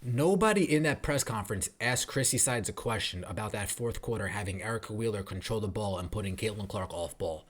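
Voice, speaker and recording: A man's voice: fairly low pitch, animated, a little fast, few pauses. A man hosting a podcast, ranting about a basketball coach with sarcasm and profanity. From New York tri-state area. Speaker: podcast host. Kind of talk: ranting sports commentary.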